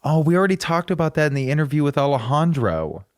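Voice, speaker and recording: A man's voice: fairly high pitch, very animated, quick pace. A man co-hosting a casual film podcast, playful and joking as he banters with his co-host.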